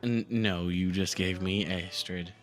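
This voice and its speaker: A man playing a talkative southern gentleman from the bayou, with a Southern twang, rambling earnestly through a live game roleplay. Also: low voice, fairly even intonation, unhurried. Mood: friendly.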